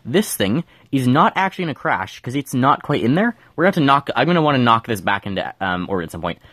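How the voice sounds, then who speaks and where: A man's voice: mid-range voice, big pitch swings, fast, fairly bright tone, no room sound. A man giving casual gameplay commentary, thinking aloud and mumbling with fillers as he plays at home. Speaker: gameplay streamer.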